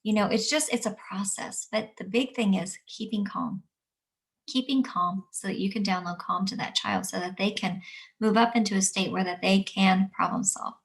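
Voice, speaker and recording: A woman teaching adults about guiding upset children, explaining calmly and repeating her key points. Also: mid-range voice, moderate pace, gravelly. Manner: calm, repetitive, explanatory. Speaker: early childhood trainer. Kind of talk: instructional talk.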